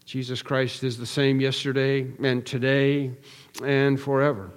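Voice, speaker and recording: A man's voice: mid-range voice, little pitch movement, unhurried, clear, resonant tone. Earnest preacher man in a reverberant hall. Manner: earnest, emphatic repetition with restarts. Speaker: pastor. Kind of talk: expository sermon.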